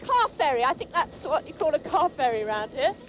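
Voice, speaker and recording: A woman with a strikingly high voice that leaps all over the place, exclaiming and chattering as she dashes about outdoors. She is the show's runner on a windy Highland course, breathless and excited. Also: fairly quick. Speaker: skyrunner on a treasure hunt game show. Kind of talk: excited on-location game show commentary.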